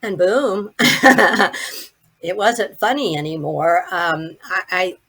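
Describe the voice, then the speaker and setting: An older woman, a podcast guest, giving a vivid, animated personal account with many restarts. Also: fairly low pitch, drawn-out words, breathy edge. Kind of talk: personal storytelling.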